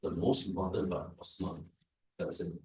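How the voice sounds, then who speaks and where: A man's voice: low voice, moderate pace, a little hiss or hum. Male Toastmasters evaluator, explanatory and repetitive, recorded from far off in a very reverberant hall. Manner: explanatory, repetitive, asks the audience "right?". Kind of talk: club meeting evaluation speech. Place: large echoey meeting room. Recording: echoey room from far off.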